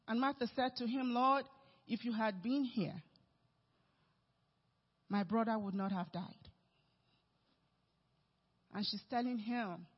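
A male pastor preaching a sermon, emphatic, with sudden swings between loud and soft. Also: extremely high pitch, slow pace, long pauses, slightly rough. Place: church sanctuary. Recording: reverberant hall, dull sound.

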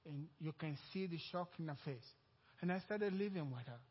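A man's voice: a little high, normal speed, slightly rough, long reverb tail, muffled recording. A Nigerian-accented man preaching a sermon, telling a personal story and acting out the dialogue. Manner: storytelling, acting out quoted dialogue, growing louder and more excited. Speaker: pastor.

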